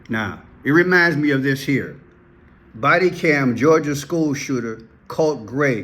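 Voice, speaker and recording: A man giving casual commentary to his viewers, repeating himself often and calling out to the audience. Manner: rises sharply in pitch when worked up. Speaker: online video commentator.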